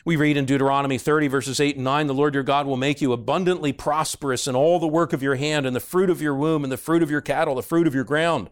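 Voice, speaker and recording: A man's voice: fairly high pitch, fairly even intonation, fast, few pauses. A man teaching through a book of the Bible, reading passages aloud and explaining them in an earnest, conversational way, with frequent "uh" fillers and sudden emphasis on key words.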